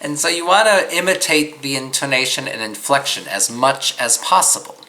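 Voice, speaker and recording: A man's voice: mid-range voice, lively intonation, normal speed, creaky, bright, forceful tone, rough recording. A man teaching an instructional course, patiently guiding listeners through listening exercises. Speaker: psychic medium teaching a course.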